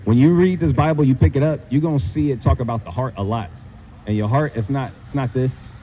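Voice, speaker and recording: A man teaching the Bible in a street style, animated and slangy, asking rhetorical questions. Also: medium pitch, a little fast, slight background noise.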